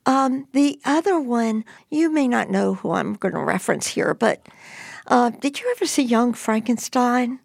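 A woman telling a personal story in an interview, emphatic and animated. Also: a little high, unhurried, creaky, no echo, clean studio sound. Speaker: storyteller guest.

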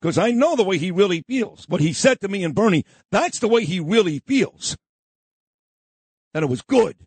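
Talk radio host, male, husky, animated delivery, combative and insulting. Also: sits high, brisk, no room sound. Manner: combative, insulting, repeats himself, shouts down opponents. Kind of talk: opinionated talk radio monologue.

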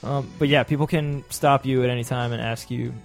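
A young man telling stories in casual chat, animated, often imitating the people he describes. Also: mid-range voice, a little fast, faint music behind. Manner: animated storyteller, mimics officials. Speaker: podcast guest who lived in Japan.

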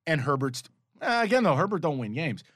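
Male podcast co-host, slightly high voice, exasperated and profane, dry studio sound. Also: big pitch swings, fairly quick, slightly rough, no echo. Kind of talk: casual sports betting chat.

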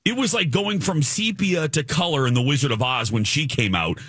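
A man in his forties hosting a radio show, telling a self-deprecating story in an animated way. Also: a little high, moderate pace, husky, dry recording, clean studio sound. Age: 40s. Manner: animated, self-deprecating, mimics people he meets. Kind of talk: casual morning-show storytelling. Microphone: studio microphone.

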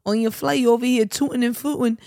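A woman's voice: fairly high pitch, fairly even intonation, fast, mellow, no room sound, clean studio sound. A woman co-hosting a podcast at home, playful and trash-talking in casual chat, laughing often. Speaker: podcast co-host.

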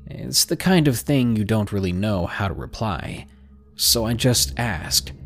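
A man's voice: lowish voice, big pitch swings, measured pace, faint music behind. A man reading out a submitted story as scripted narration, with a dry, sardonic manner.

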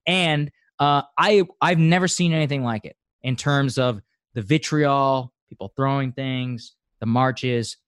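A man's voice: medium pitch, a little slow, clear, resonant tone, no room sound. Guy ranting about politics, blunt and emphatic, dry close sound. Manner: emphatic, blunt, gets animated. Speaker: political commentator guest. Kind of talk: casual political discussion.

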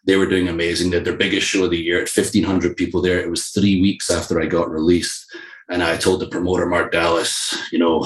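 Low-voiced wrestler guy, middle-aged, telling his comeback story all candid, roomy echo around him. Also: fairly quick. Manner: candid, animated storyteller who quotes himself. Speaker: professional wrestler. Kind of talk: casual interview storytelling. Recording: echoey room.

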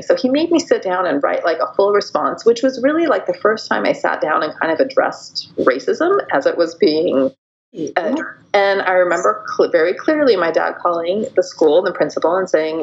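A woman's voice: lowish voice, expressive, moderate pace, lo-fi sound. A woman guest telling personal stories candidly in an interview, reflective and stopping often to restart her thoughts.

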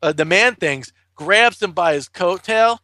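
A man's voice: sits high, expressive, a little slow, bright, forceful tone, no echo. A man recapping a comic in casual chat, swearing constantly and rambling through fillers as he tells the story.

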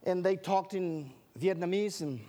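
A man's voice: high voice, unhurried, mellow. A man preaching a sermon to an audience, drawing out scripture phrases for emphasis and tossing in questions and jokes. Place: large hall with an audience. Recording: long reverb of a large hall.

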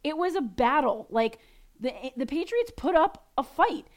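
Chatty woman podcast co-host, slightly high voice. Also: very animated, normal speed. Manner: chatty, filler-heavy. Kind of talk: casual sports chat.

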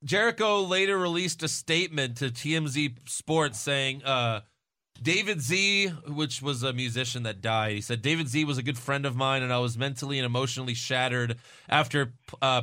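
A man's voice: medium pitch, moderate pace, pushed and bright. A man co-hosting a casual podcast chat, sarcastic and swearing freely. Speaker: podcast co-host.

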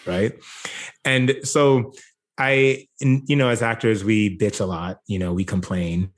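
Jamaican-born guy, actor on a podcast, lowish voice, laid back and thoughtful, lots of "like"s. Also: fairly even intonation, a little slow. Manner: reflective, easygoing, with frequent "like" and "you know". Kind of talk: casual interview conversation.

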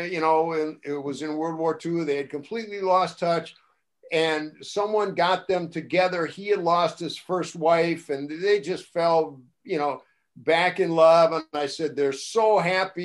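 An older man, a former wrestling broadcaster, telling casual stories on a talk show and acting out the voices of the people he quotes. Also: a little slow. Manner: animated, acts out quoted voices with rising pitch and loudness. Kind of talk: casual anecdotal storytelling.

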